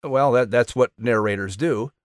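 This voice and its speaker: A man narrating and hosting a podcast, reading a scripted outro and promo in an animated announcer style. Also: mid-range voice, normal speed, no room sound, studio quality.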